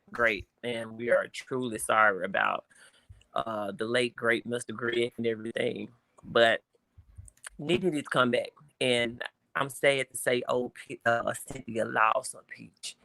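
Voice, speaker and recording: A man from Mississippi with a Southern accent, calling in to a live show, earnest and repeating himself with halting starts. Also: medium pitch, fairly even intonation, gravelly, sharp tone, no room sound. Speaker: caller. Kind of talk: casual phone-in chat.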